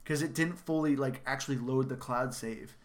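A man hosting a casual game-review chat, animated, laughing often and acting out quotes. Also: medium pitch, normal speed. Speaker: podcast host.

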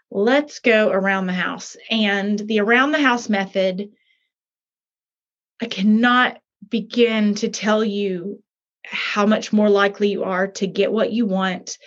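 A woman coach talks through her method with lively emphasis, often slipping into quick acted-out exchanges. Her voice sits a little high, and the recording is dull and lo-fi. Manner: chatty, emphatic, acts out little scenes. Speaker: author and coach. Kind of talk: animated talk explaining a method.

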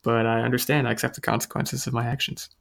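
Male podcast host, bright forceful tone, loose chatty delivery, self-deprecating humor. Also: medium pitch, little pitch movement, quick pace, creaky. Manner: chatty, self-mocking, thinks aloud with restarts. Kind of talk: casual podcast chat.

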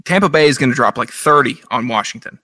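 A man co-hosting a casual sports podcast, joking and excitable, laughing often as he makes his game picks. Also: mid-range voice, quick pace. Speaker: podcast co-host.

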